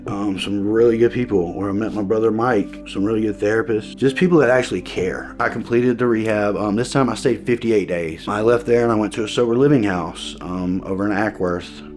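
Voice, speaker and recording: A man telling his own story in a personal testimony, earnest and halting, restarting his sentences and at times emotional. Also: fairly low pitch.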